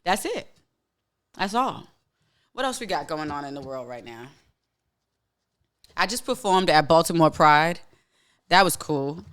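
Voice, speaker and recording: Blunt, emphatic man with a smooth voice. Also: a little high, lively intonation, measured pace, long pauses, fairly bright tone. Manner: frequent restarts and filler words. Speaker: podcast host. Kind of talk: casual monologue podcast.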